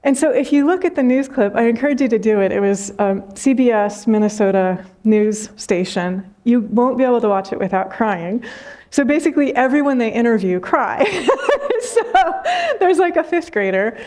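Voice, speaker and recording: Woman spiritual teacher, higher voice, gentle reflective talk after meditation, soft frequent laughter, unhurried. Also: expressive.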